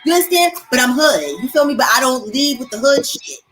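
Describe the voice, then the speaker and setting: A young woman telling stories in a casual chat, animated and profane, acting out the voices of people she quotes. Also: high-pitched, brisk, faint music behind. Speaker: host.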